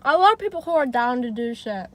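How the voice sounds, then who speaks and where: A woman's voice: a little high, lively intonation, fast, a bit bright. A young woman vlogging casually from her car, talking in a chatty, profane way and saying "like" a lot. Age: young adult. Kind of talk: casual vlog chat.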